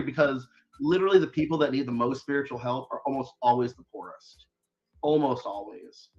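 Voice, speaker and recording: A man's voice: mid-range voice, fairly quick, dull audio, faint music behind. A man, a guest author, chatting casually in an interview, rambling with lots of fillers and restarts.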